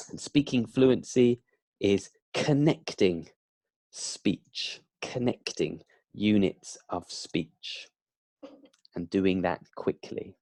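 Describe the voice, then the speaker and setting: A man teaching beginner English, drilling words slowly with emphatic repetition. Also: mid-range voice, a little mellow, no room sound.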